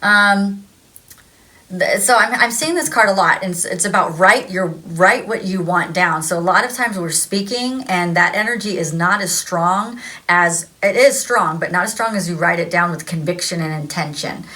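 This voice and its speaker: A woman's voice: on the low side, moderate pace, pushed and bright. A woman giving a casual tarot energy reading, rambling, repeating herself and laughing often. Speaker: tarot reader.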